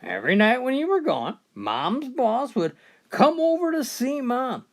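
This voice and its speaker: Cheeky young boy, woman putting him on, blunt, lively pitch, storybook joke telling. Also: measured pace. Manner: blunt punchline delivery.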